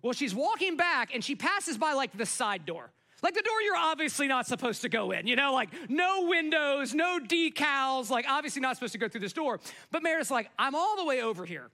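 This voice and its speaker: A pastor delivering a sermon, telling a family story in a casual, animated way and speaking directly to the congregation. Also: male voice, very high voice, brisk. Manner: conversational, animated storytelling, asks the crowd.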